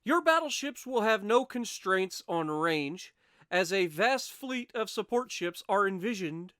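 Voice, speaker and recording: Man, gaming host, reads challenge rules, wry asides, smooth resonant voice, dry close sound. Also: high voice, a bit bright, no room sound. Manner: reads aloud steadily, with wry asides and self-corrections. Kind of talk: reading out challenge rules for a strategy game.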